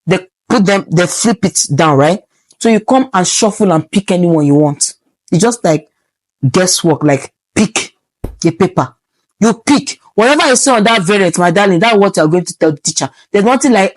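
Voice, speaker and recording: A young woman with a Nigerian accent giving casual advice as a medical student vlogger, preachy and animated, slipping into pidgin asides. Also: medium pitch, moderate pace, no room sound.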